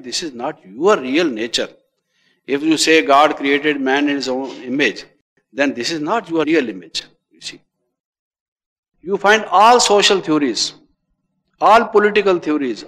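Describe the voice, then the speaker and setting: Man lecturing slowly in a reverberant hall. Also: a little high, a bit bright. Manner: measured, repetitive, with frequent "you see". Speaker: spiritual teacher. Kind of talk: meditation lecture.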